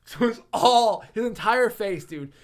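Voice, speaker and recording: A man's voice: sits high, lively intonation, unhurried. A young man hosting a casual podcast, telling profane, laughing stories and acting out his friends' voices. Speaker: podcast host.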